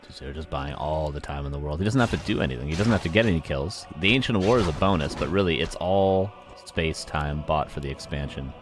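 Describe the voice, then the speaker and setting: A man's voice: extremely low pitch, expressive, quick pace, hardly any pauses. A man casting a live strategy game match, chatty, talking to his chat and laughing at himself. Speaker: esports caster. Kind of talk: live play-by-play game commentary. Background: game music and sound effects.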